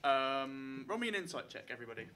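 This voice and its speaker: A man's voice: mid-range voice, big pitch swings, quick pace, pushed and bright, a little hiss or hum. A man narrating a tabletop game as game master before a live audience, chatty and full of fillers. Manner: hesitant, many fillers, chatty.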